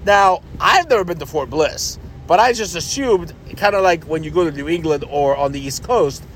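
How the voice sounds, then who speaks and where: A man with a notably high voice telling a story on his podcast. He talks in a chatty, animated way and swears now and then. A faint hum sits behind him. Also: normal speed. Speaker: podcast host. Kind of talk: casual storytelling.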